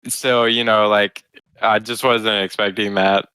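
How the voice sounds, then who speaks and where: A man's voice: on the low side, level tone, unhurried, bright, forceful tone, clear, resonant tone, dry recording, poor audio. A young man co-hosting a podcast, chatting casually and teasing his friends. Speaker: podcast co-host. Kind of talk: casual chat.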